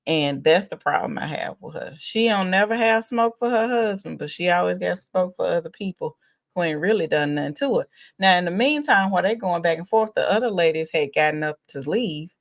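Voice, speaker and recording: A woman's voice: lowish voice, fairly quick. A woman hosting a casual reality show recap, chatty and exasperated, sighing and laughing as she talks.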